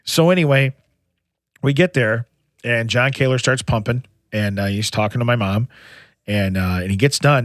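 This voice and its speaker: A middle-aged man tells a rambling story on a casual podcast. His pitch sits in the middle, and he laughs easily at his own jokes. The sound is close and dry, with no room around it. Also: moderate pace, no echo. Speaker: podcast co-host.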